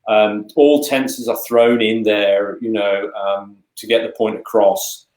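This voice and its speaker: A man's voice: fairly low pitch, little pitch movement, slow pace, a little mellow. A man co-hosting an online webinar in casual chat, stumbling over words and padding with fillers. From Britain. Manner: stammers, repeats words, many fillers. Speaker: co-host, English teacher. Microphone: video call. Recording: roomy echo.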